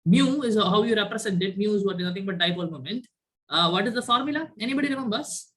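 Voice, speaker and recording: Bright-voiced male chemistry teacher online. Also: high-pitched, lively intonation, fast talker. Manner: quizzes students, frequent "right?" tag questions. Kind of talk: online class lecture. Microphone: video call.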